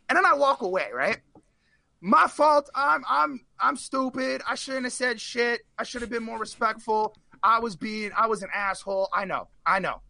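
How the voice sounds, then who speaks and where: A man telling a rambling personal story in casual chat on a live stream, animated and full of fillers. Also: very high voice, moderate pace, creaky, no room sound. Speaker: guest.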